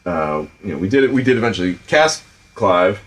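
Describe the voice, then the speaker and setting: Telling directing stories on his podcast, this middle-aged film director speaks with a Providence, Rhode Island accent in a deep voice, moving a little fast. The chat is casual, animated, and profane, packed with fillers.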